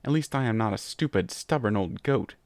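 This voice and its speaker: A man's voice: lowish voice, animated, brisk, darkish tone, no echo. A man reading a pony story aloud and voicing a vain, scheming female changeling queen who hisses and snaps at her rivals. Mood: angry. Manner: hissing, snappish and haughty.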